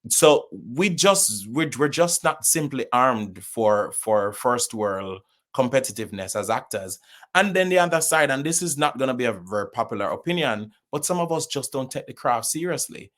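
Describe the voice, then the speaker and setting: A man's voice: mid-range voice, animated, normal speed, fairly bright tone. Opinionated Jamaican man. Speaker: podcast guest. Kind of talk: casual interview conversation.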